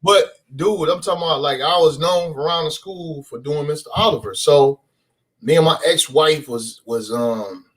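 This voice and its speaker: A man who is a guest comedian on a podcast, telling an animated, slangy story. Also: on the high side, moderate pace.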